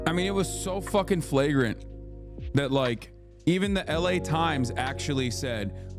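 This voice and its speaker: A male streamer ranting in a casual political livestream, heated, profane and emphatic, often speaking up in pitch to make a point.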